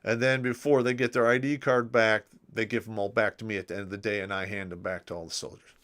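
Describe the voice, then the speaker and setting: Middle aged guy on his stream telling crude army stories, bright crisp voice, trails off a lot. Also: lowish voice, steady tone, quick pace. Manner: crude, joking army anecdotes, trailing off at phrase ends. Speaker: livestream host. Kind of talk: casual storytelling and reading chat comments.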